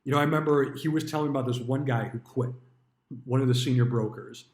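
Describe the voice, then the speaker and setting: A man with a mid-range, slightly mellow voice and fairly even intonation talks fast, a retired stockbroker spinning tales of his old job. He's blunt and casual, swears freely and performs quoted lines, all with a roomy echo.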